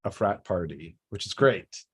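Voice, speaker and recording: A man's voice: deep voice, lively intonation, unhurried, breathy edge, dry recording. A man co-hosting a casual show recap, rambling with many fillers and restarts and laughing often. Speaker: podcast co-host.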